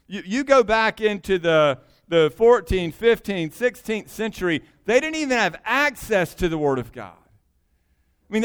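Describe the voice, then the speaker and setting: A man's voice: high voice, clean tone. A man preaching a sermon in a conversational way, with emphatic asides. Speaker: pastor.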